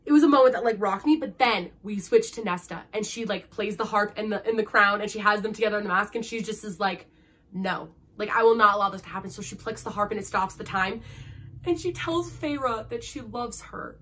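A woman's voice: mid-range voice, a little fast, fairly bright tone, husky. A young woman reviewing a book in a casual vlog, gushing and emotional, and peppering her talk with "like". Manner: gushing, emotional, heavy use of "like".

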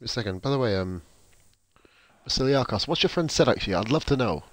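A man commentating casually on his own football video game, excitable, swearing now and then, and chatting to viewers. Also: mid-range voice, fast. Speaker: gaming YouTuber.

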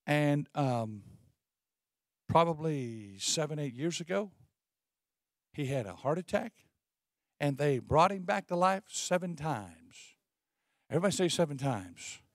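A pastor delivering an Easter sermon in call-and-response style, reading scripture slowly and swinging between loud exhortation and quiet asides. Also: male voice, sits high, no room sound, studio quality. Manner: call-and-response preaching, leads the congregation in repeating phrases; reads scripture slowly with emphasis. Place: church sanctuary.

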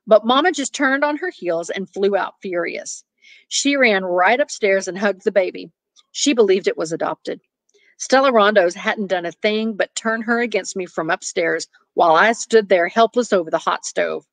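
A woman's voice: medium pitch, moderate pace, no room sound. A woman reading a short story aloud, with chatty asides to her listeners. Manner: animated, laughs at the story. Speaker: reader.

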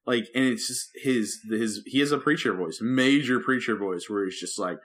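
A man who is a pastor and podcast co-host, talking casually in rambling, animated bursts full of restarts. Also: medium pitch, moderate pace. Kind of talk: casual chat.

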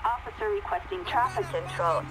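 A woman's voice: mid-range voice, fairly quick, heavy background noise, close to an everyday voice. A woman voicing a police radio dispatcher in a game, reading short calls. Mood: flat.

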